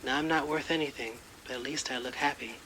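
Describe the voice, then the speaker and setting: Pumpkin, man actor, bright tense voice, matter-of-fact, resigned, faint rain behind. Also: mid-range voice, fast talker, a little hiss or hum, natural voice, poor audio. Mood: wistful. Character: square talking pumpkin, male, gentle, resigned. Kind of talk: audio drama acting.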